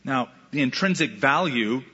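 A man preaching a sermon in a conversational, animated way, with playful asides and acted-out quotes. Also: mid-range voice, moderate pace, husky. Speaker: pastor. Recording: dull sound with long hall reverb.

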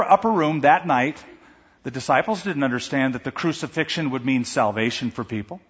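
Preaching pastor, animated delivery with emphatic slowdowns, slightly husky voice, long hall reverb. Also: male voice, on the high side. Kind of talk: sermon. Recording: echoey hall, dull sound.

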